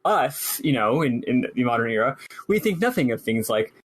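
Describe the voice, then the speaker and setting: A man co-hosting a podcast, chatting casually about a video game in a rambling, animated way with lots of fillers. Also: medium pitch, moderate pace, husky. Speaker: podcast co-host.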